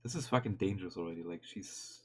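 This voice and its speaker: A man streaming and commenting casually on a video, animated and swearing often, with frequent restarts. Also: sits low, fast, slight background noise.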